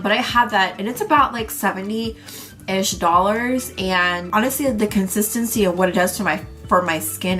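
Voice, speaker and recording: A woman's voice: medium pitch, a bit bright. Congested young woman chatting through makeup. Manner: chatty, rambling, lots of fillers. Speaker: beauty vlogger. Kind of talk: casual makeup tutorial chat.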